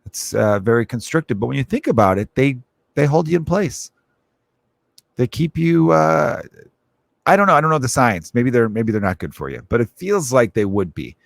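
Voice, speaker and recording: A man's voice: medium pitch, expressive, normal speed, gravelly, no echo. A man in his thirties, a comedian hosting his own podcast, riffing in a rambling, profane monologue and acting out quoted voices.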